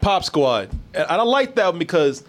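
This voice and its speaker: A man hosting a casual chat, animated, swearing freely and laughing often. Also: a little high, moderate pace, soft background music.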